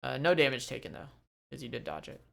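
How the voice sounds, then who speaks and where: A man's voice: mid-range voice, big pitch swings, fast, gravelly. A man running a tabletop game as game master, laid-back and chuckling often.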